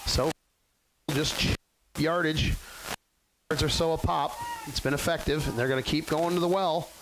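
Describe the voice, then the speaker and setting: A man in his forties calling a local football game as the play-by-play announcer, with folksy, excitable hype. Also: a little high, measured pace, noisy background. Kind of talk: local sports webcast commentary.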